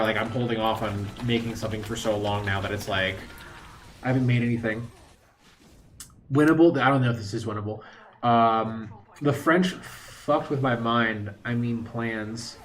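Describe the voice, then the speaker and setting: A man's voice: mid-range voice, slight background noise. Male streamer, mid-range voice, rambling casual chatter with sarcastic jabs. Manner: rambling, chatty, mocking asides. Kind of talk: casual gaming stream chat.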